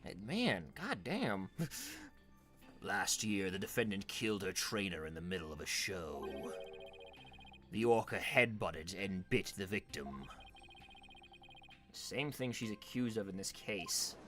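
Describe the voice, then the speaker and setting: A man's voice: sits low, measured pace, long pauses, over music. A man hosting a casual let's-play, reading the characters aloud with jokes, swearing and laughter. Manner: animated, jokey, swears and laughs often. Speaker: host voicing game characters.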